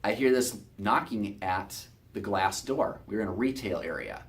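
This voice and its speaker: A chiropractor telling a patient's story in a promotional video, talking in an earnest, conversational way. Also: male voice, on the low side, animated, normal speed, heavy background noise.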